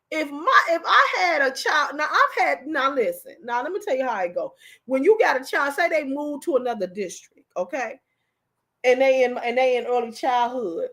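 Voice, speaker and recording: A high-voiced woman hosts a live commentary stream. She talks with fiery, emotional passion and breaks into shouts when she gets worked up. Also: sing-song, normal speed. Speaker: livestream host.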